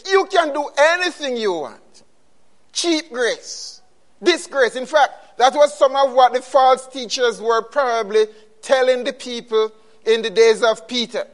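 A man's voice: extremely high pitch, measured pace. A man preaching a sermon, emphatic and repeating his key phrases.

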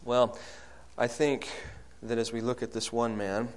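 A man preaching a sermon, asking the congregation questions and swinging from loud, high calls to low, soft lines. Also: level tone, measured pace. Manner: rises loud and high when acting out quoted prayers, drops low and soft on key lines.

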